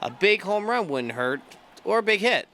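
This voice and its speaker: A young man giving excited play-by-play commentary on his own gameplay, shouting on big hits. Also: high voice, moderate pace, a little hiss or hum. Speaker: gaming YouTuber.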